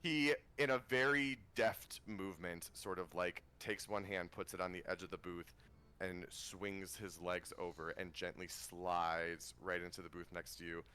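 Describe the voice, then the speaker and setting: A man's voice: low voice, fairly even intonation, a little slow, sharp tone, smooth. A man narrating a tabletop game as game master, rambling with ums and restarts.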